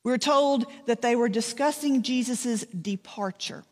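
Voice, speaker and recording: A woman's voice: a little high, measured pace, darkish tone, in a large hall. A woman pastor, preaching a sermon in a conversational storytelling way, with dry asides.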